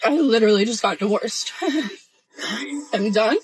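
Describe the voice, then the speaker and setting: A woman in a tearful, halting, emotional confessional vlog. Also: on the high side, slightly rough, rough recording. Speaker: social media poster.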